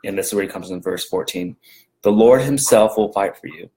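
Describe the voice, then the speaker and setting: Man, lowish voice, chatty home devotional talk, loose and rambling, many ums and restarts. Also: brisk, dark tone, rough recording. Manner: rambling, conversational, frequent fillers and restarts. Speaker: devotional video host.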